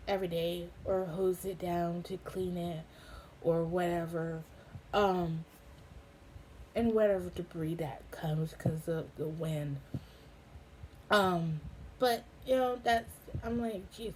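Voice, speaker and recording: A young woman giving a casual personal update, halting with many ums and getting emotional. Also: on the low side, a little mellow, a little hiss or hum, low-quality recording. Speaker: vlogger. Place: home in a hot desert town.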